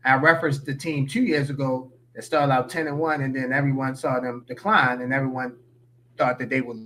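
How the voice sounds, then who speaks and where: A man's voice: mid-range voice, bright, forceful tone, a little hiss or hum. A man giving opinionated, slangy sports talk as a podcast guest.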